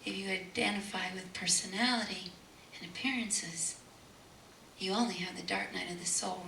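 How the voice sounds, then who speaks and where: Woman speaker, bright and gravelly, emphatic storyteller repeating key words, distant mic in a roomy hall. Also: medium pitch, steady tone, moderate pace. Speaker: spiritual speaker. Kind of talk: inspirational lecture with storytelling. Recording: echoey room, distant mic, faint noise.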